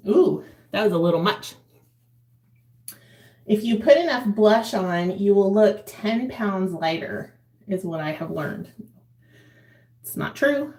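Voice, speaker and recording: A woman's voice: mid-range voice, animated, slow, long pauses, darkish tone, roomy sound. A woman in her forties chatting casually to a live chat while doing her makeup at home, laughing often. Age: 40s. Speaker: vlogger.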